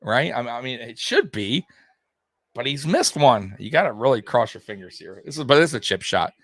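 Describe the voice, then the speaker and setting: A young man hosting a live sports stream, talking straight to his viewers in an animated, repetitive way with plenty of swearing. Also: mid-range voice, normal speed, dry recording. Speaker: sports livestream host. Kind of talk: live postgame commentary to viewers.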